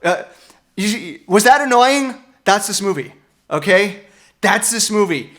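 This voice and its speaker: A man in a casual, exasperated movie rant, swinging from mumbling asides to near-shouting, with many fillers and restarts. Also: high voice, lively intonation, unhurried. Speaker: video commentator.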